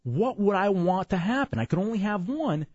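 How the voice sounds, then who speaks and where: A young man from Dallas talks in a slightly husky voice that swings lively up and down. He rambles and jokes, tired and a bit worn out. The recording is dull and lo-fi, with a dry room sound. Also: high-pitched, normal speed, dry recording. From Dallas, Texas. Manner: rambling, animated, joking. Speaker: podcast host. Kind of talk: casual chat.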